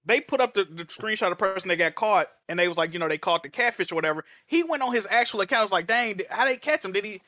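A man co-hosting a casual podcast, retelling stories in an excitable, rapid way. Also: high voice, dry recording, studio quality. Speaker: podcast co-host. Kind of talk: casual chat.

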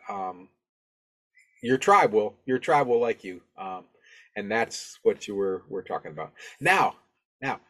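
A man hosting a podcast, giving casual advice in a rambling, friendly, self-deprecating way with lots of fillers and restarts, into a podcast microphone. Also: lowish voice. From Alabama, US. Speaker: podcast host.

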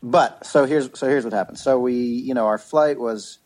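On a laid-back podcast, a thirtysomething co-host spins a lengthy story, restarting often and cursing along the way. He talks at a moderate pace in a medium-pitched, slightly mellow voice.

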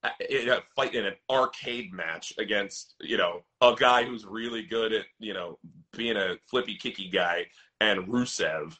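A man in casual podcast chat with a bright, forceful tone. He is enthusiastic and swears, stumbling over repeated words and restarts as he talks. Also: fairly low pitch, a little slow. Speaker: podcast co-host.

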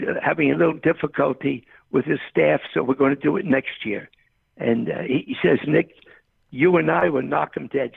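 Over a tinny phone line with a dry sound, a tennis coach in his later years rambles through stories in an interview, repeatedly saying the host's name. His voice sits a little high and comes across as husky and gravelly.

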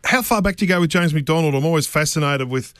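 A man's voice: on the high side, fast, a bit bright, no echo, clean studio sound. A man hosting a racing radio show, asking curious, conversational questions. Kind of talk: radio interview.

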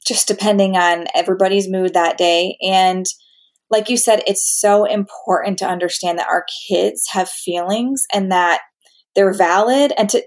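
A woman hosting an interview, talking in a chatty way with many fillers and an occasional sigh. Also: medium pitch. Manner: chatty, filler-heavy, with sighs. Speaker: interview host. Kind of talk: casual interview chat.

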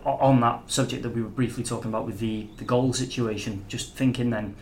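Guy on sports radio, pretty monotone, thinking out loud, faint hiss. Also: medium pitch, fast talker. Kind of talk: casual sports radio chat.

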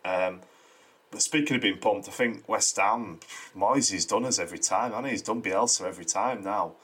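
A man's voice: on the low side, normal speed, a bit bright, slightly rough. A man chatting casually as a podcast co-host, rambling and repeating words. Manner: rambling, repeats words while searching for them. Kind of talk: casual chat.

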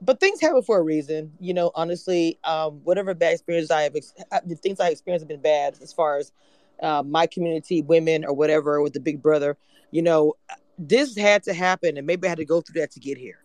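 A woman from hosting a casual live chat, excitable and candid. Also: low-pitched, brisk, no echo. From Louisiana. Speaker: YouTube channel host.

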